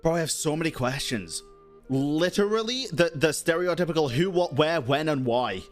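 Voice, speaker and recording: A woman streaming a video game, reacting excitedly in casual chat, saying bro and dude and swearing. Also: sits low, moderate pace, soft background music.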